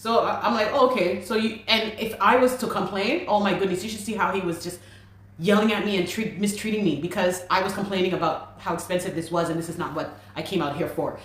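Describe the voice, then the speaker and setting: A woman's voice: mid-range voice, fairly even intonation, fast talker. A young adult woman emphatically telling a personal story as a guest, repeating phrases for emphasis. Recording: very echoey room.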